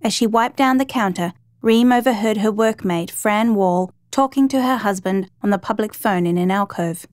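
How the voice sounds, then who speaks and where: A woman narrating a true crime story in a steady, measured reading voice. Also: medium pitch, no echo.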